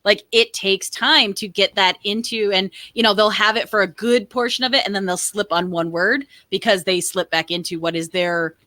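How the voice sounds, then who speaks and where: A woman with a bright, forceful tone chats casually on a podcast, her thoughts tumbling out with fillers and eager asides. The sound is close and dry. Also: medium pitch, normal speed, few pauses, no room sound. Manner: enthusiastic, rambling with fillers. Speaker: podcast co-host. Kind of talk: casual chat.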